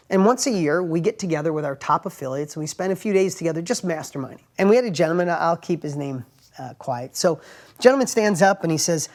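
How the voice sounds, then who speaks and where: A man giving a casual motivational talk to camera, telling stories in plain everyday words, often tagging lines with "right?" and swinging between emphatic bursts and hushed asides. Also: on the high side. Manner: plain everyday wording, frequent "right?" tags. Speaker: motivational speaker and entrepreneur host.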